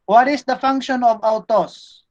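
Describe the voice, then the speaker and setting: A man's voice: extremely high pitch, a little slow, a little mellow. A man with a Cebuano Filipino accent giving a classroom grammar lecture, patient and stopping to quiz his students. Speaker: Greek teacher. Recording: dull lo-fi classroom recording.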